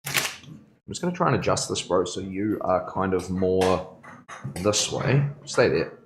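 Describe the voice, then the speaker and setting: A man's voice: deep voice, lively intonation, a little slow, very noisy. A man tattooing on a live stream, chatting casually and rambling with his viewers, calling them bro and laughing often. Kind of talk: casual live-stream chat while working. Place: tattoo studio.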